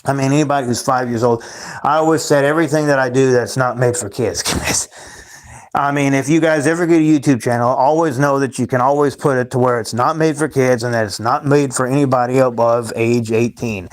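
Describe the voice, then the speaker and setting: A man's voice: mid-range voice, fairly even intonation, a little fast. A man hosting his own livestream, rambling and ranting at his chat, repeating himself and calling the viewers guys. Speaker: livestream host.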